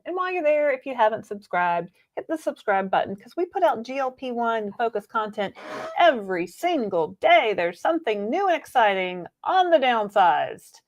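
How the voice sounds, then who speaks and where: Female co-host, bright and animated, quick to laugh. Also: fairly high pitch. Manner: animated, laughs easily, teasing. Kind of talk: casual livestream chat.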